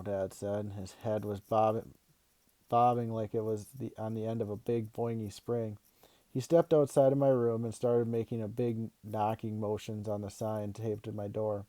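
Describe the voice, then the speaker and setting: A man narrating a children's novel aloud with even, expressive pacing. His voice is warm and mellow, recorded close and dry with no room around it. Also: fairly low pitch, moderate pace, no echo. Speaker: read-aloud host.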